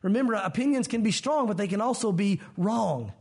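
High-pitched male pastor preaching verse by verse, mixing read scripture with casual asides. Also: expressive, fairly quick, a little mellow, husky. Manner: expository preaching, reads scripture aloud and acts out quotes with shifting voices; conversational asides to the congregation. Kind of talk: sermon.

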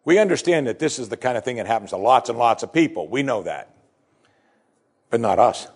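A man preaching a sermon, reading scripture with rising emphasis and dropping low and soft to reflect on it. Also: expressive, fairly quick, breathy edge. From United States. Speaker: pastor.

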